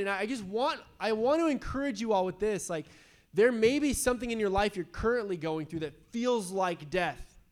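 A young adult man, a pastor, preaching a casual, conversational sermon to his congregation, often checking in with "right?" and acting out the voices of people in the story. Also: high-pitched.

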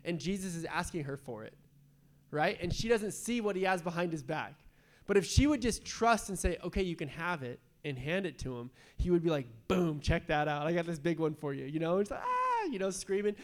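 A man's voice: sits high, animated, brisk. A young adult man, a pastor, preaching a casual, conversational sermon to his congregation, often checking in with "right?" and acting out the voices of people in the story.

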